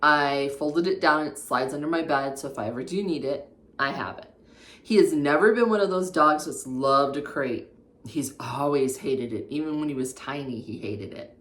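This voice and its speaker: A woman's voice: low voice, moderate pace, a bit bright, reverberant. A woman showing off her redecorated bedroom in a casual home vlog, chatting as she points out each piece, filmed on a tripod camera in her bedroom. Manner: chatty, homey, shows items one by one. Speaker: home decor vlogger. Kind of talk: casual room tour vlog.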